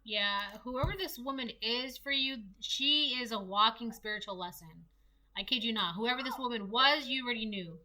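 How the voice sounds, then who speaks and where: A woman's voice: a little high, moderate pace, pushed and bright. A young woman giving a casual solo tarot reading, rambling and chatty with lots of fillers. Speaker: tarot reader.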